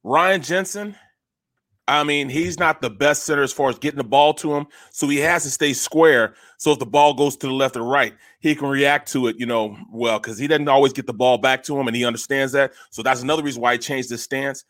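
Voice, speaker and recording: A man's voice: mid-range voice, a little fast, a bit bright, no echo, clean studio sound. A man co-hosting sports talk radio, emphatic and repetitive, often tagging lines with "man.". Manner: emphatic, repeats phrases, says "man" often.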